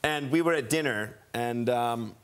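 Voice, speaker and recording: A young adult man, a talk show guest, telling a rambling, animated anecdote in a TV studio on a lapel mic. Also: medium pitch, unhurried, clean tone. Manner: rambling, animated storytelling with laughs.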